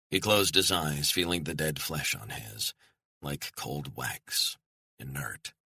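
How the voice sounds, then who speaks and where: A man reading a thriller audiobook in measured, storytelling narration. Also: rumbling low, creaky, sharp tone, breathy edge, no echo, studio quality.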